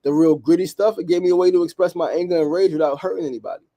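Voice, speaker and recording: A man's voice: sits high, racing. Emphatic New man hosting a podcast. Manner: emphatic and repetitive, tags lines with "right?"; slangy, animated street talk. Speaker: podcast host. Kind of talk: motivational podcast monologue.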